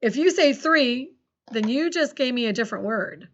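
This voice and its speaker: Give me an encouraging woman teacher with a fairly high voice. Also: expressive, highs cut off. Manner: encouraging, slow dictation of sentences with big pitch swings. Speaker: second grade teacher. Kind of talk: recorded phonics lesson for children.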